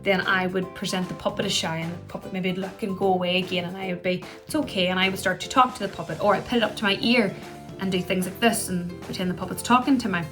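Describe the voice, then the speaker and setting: A woman's voice: on the low side, fairly even intonation, quick pace, music in the background. A woman, a play therapist explaining puppet play in a chatty, instructional way. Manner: chatty, acts out gentle puppet voices. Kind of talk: instructional talk to camera.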